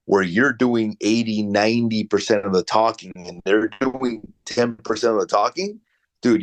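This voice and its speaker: A man coaching a salesperson over a video call, giving direct, conversational feedback. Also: on the low side. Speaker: real estate sales coach.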